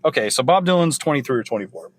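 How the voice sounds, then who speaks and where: Male podcast host, casual and salty storyteller, mid-pitched. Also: animated, racing, slight background noise. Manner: profane, loose, recounting from notes.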